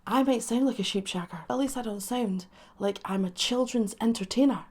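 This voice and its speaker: A woman's voice: fairly high pitch, darkish tone. A woman, a soul singer hosting a playful music reaction vlog. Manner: playful, jokey, speaks deliberately slowly.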